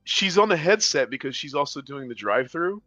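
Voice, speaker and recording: A man's voice: on the high side, a little fast, no echo. A man hosting a gaming podcast, casually telling a rambling anecdote while a game plays. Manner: rambling, animated anecdotes with laughs and put-on quotes. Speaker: podcast host and game commentator. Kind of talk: casual chat and storytelling over gameplay. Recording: dull, dry lo-fi mic with game music.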